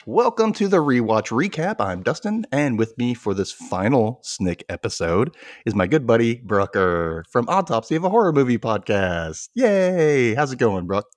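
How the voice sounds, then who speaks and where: A man hosting a podcast in a casual, animated chat, laughing and swearing freely. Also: medium pitch, normal speed, dry recording, clean studio sound. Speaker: podcast host.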